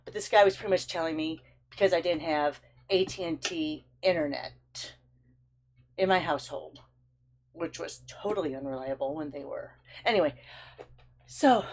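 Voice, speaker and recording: A woman's voice: lowish voice, normal speed, darkish tone. A woman hosting her own vlog, telling a long frustrated story in a chatty, storytelling way with big swings in her voice. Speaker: stamping craft channel host. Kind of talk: casual vlog chat.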